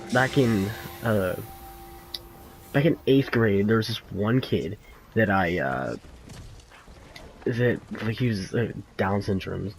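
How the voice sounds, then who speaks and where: A man's voice: lowish voice, a little mellow, a little hiss or hum, low-quality recording. A teenage boy doing casual gameplay commentary, rambling through a story with lots of fillers, restarts and crude slang. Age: teens. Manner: crude slang, laughs often. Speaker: gaming YouTuber.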